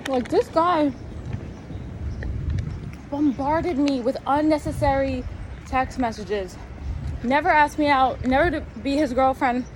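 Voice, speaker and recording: Young woman, vlogger, exasperated rambling rant, fairly high voice, noisy hum behind. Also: slow, pauses often. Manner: animated, exasperated, rambling with many fillers. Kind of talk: casual storytime rant.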